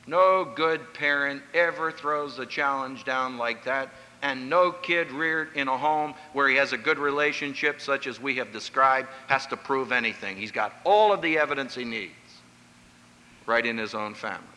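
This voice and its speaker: Animated man preaching in a reverberant hall. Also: medium pitch, moderate pace. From Pennsylvania. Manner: emphatic, animated storyteller who acts out quoted voices. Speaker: speaker on family life. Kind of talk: sermon-style lecture with stories.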